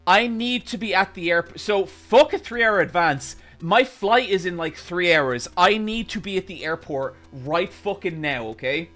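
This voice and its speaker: A young man with a high, bright voice tells a long, rambling story to his stream chat, swearing freely and sounding exasperated. Soft music plays behind him. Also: animated, a little slow, few pauses.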